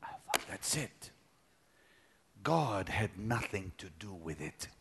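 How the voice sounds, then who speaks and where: A middle-aged preacher telling a personal story in a sermon, dropping to a hush and then rising to shouts. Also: male voice, low-pitched, very animated, takes it slowly, vocal fry, slight background noise. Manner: dramatic, swings from hushed to shouting.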